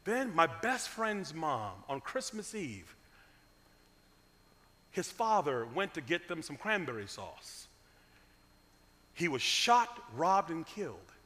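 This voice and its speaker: Guest preacher, high lively voice, unhurried, church sanctuary echo. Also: male voice. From Cleveland, USA. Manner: humorous then solemn, dramatic swings from loud to hushed. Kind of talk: storytelling sermon. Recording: long reverb of a church sanctuary.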